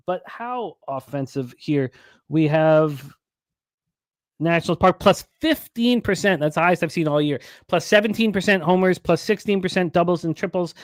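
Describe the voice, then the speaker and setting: A man's voice: fairly high pitch, no echo, clean studio sound. A man hosting a sports betting show, reading out odds, lines and stats. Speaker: host.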